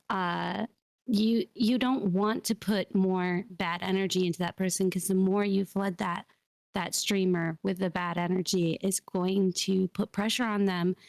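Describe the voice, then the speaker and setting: A woman's voice: mid-range voice, a little mellow, no room sound. Earnest woman podcaster, dry mic. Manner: earnest, advice-giving, measured. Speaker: VTuber podcast host. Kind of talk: casual podcast chat.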